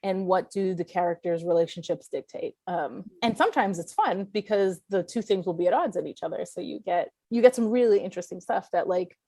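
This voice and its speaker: A woman's voice: lowish voice, fairly quick, few pauses, warm tone, no room sound. A woman from Puerto Rico whose first language is Spanish, a guest writer talking casually and thoughtfully, often restarting her sentences. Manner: thoughtful, searching, with frequent restarts and fillers. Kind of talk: casual conversation.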